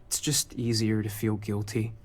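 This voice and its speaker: An actor voicing a quiet, reflective man in mourning in a video game, speaking philosophically about grief. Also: lowish voice, level tone, normal speed, close to an everyday voice. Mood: somber.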